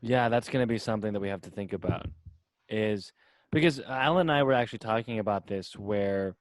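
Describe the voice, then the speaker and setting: A man's voice: medium pitch, dry recording. A man hosting a podcast, talking casually and rambling as he searches for his words, now and then swearing. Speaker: podcast host. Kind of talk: casual conversation.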